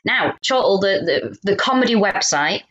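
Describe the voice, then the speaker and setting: Female podcast co-host, animated storyteller, very lively pitch. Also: moderate pace, highs cut off. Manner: animated storytelling, swears, acts out quotes. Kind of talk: casual chat.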